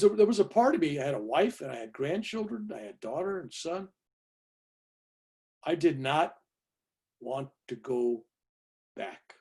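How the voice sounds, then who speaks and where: Husky 70-something guy, kinda high voice, telling his story all animated on a video call. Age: 70s. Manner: emphatic, lively, tag questions. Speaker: guest speaker.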